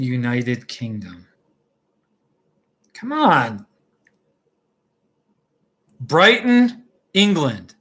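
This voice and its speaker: Chatting with viewers from his home kitchen, this American YouTube host laughs a lot and wanders from topic to topic on a casual live stream. His voice is fairly high and sharp in tone.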